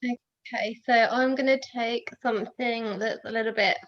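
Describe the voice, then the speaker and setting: A woman's voice: fairly high pitch, steady tone, normal speed, dull audio. A woman who is a guest author, chatting casually about books in a light, joking way. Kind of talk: casual chat.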